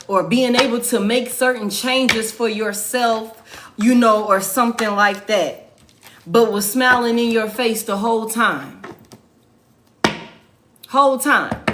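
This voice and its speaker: A woman's voice: medium pitch, fairly bright tone, slight background noise. A woman giving a casual tarot reading, swearing freely and repeating her points for emphasis. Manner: profane, emphatic, repeats phrases. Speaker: tarot reader.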